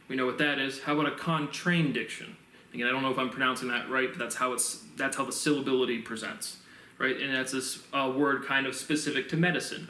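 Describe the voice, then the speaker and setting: Guy rambling thru his own theory, kinda bright edgy voice, sits back from the mic. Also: mid-range voice, steady tone, a little fast, distant mic. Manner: meandering, restarts often, muses aloud with sound effects. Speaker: self-published theorist explaining his framework. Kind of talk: rambling solo monologue. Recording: roomy echo, voice off-mic.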